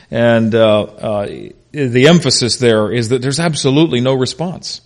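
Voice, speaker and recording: A man's voice: mid-range voice, a little slow. Man preaching in a conversational style. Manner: conversational, unscripted, frequent "uh" and "you know"; animated, shifts between loud emphasis and quiet asides. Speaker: pastor. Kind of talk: expository sermon.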